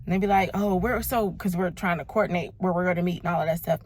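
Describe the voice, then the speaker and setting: Talking fast in a lowish voice with fairly even intonation, this Los Angeles vlogger in her thirties speaks emphatically yet casually about her faith and the year she's had. She addresses listeners as "baby" and "y'all."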